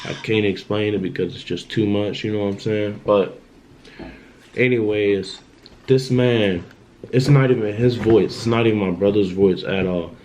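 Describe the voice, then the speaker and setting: A man's voice: on the low side, fairly even intonation, normal speed, darkish tone, slight background noise, low-quality recording. A young man telling a personal story on his vlog in a loose, casual monologue that circles back on itself. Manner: loose, repetitive, keeps asking "you know what I'm saying".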